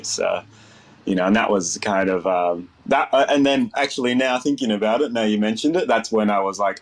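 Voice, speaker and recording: A man in his thirties with an Australian accent tells his story in a loose, rambling way, full of "you know" and restarts. His voice sits a little low, but it jumps higher when he mimics his younger, naive self. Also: moderate pace. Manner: rambling, lots of fillers and restarts. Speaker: chef guest. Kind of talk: casual storytelling interview.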